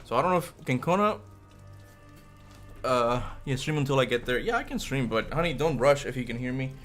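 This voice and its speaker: A man's voice: mid-range voice, animated, fairly quick, a bit bright, soft background music. A man streaming from his home desk, chatting casually and playfully, slipping into baby talk with his cat. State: out of breath. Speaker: gaming streamer. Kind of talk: casual livestream chat. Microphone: desk mic.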